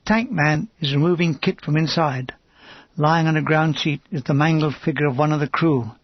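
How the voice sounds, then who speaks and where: A man reading a war memoir aloud in an understated, measured first-person manner. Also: fairly high pitch, no room sound, muffled recording. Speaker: audiobook reader. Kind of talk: audiobook memoir narration.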